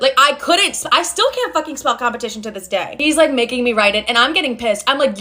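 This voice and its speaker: A young woman with a high voice tells a story in a loose, casual monologue. She is blunt and sarcastic and swears freely. Her voice is bright and a little sharp. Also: fast, few pauses.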